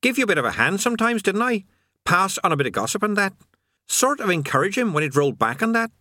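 A sullen male demon from hell, gossipy and indignant, chattering fast in a raised, lively voice, as a man puts him on. The reading is dry and close, with no room sound. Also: high voice, no echo, pitched above the performer's own voice, exaggerated voice. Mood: sullen nostalgic.

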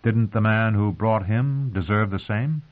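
A man narrating an audiobook in a measured, calm reading, heard through narrow phone-like sound. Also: lowish voice.

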